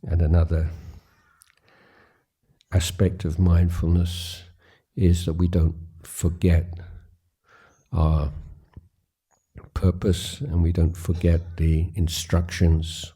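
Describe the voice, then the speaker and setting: A man in his later years leading a guided meditation, speaking slowly and haltingly with pauses and fillers. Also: sits low, little pitch movement, dark tone, husky. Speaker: meditation teacher. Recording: recorded at a retreat.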